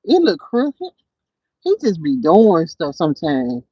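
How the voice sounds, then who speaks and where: A woman hosting a casual livestream from her car, chatting and telling stories to viewers in an animated way. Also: on the low side, takes it slowly, slightly rough, no room sound, dull audio. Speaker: livestream host. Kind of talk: casual livestream chat while driving. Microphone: phone.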